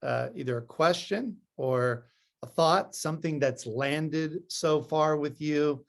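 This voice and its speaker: A man hosting an online session, talking in a relaxed, halting way with many fillers. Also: fairly high pitch, vocal fry. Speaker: session host.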